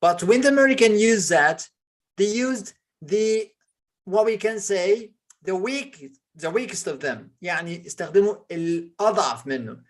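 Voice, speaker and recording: A woman with an Egyptian Arabic accent, a native Arabic speaker, teaching English pronunciation in an online lesson and drawing out slow model words between fillers. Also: medium pitch, lively intonation.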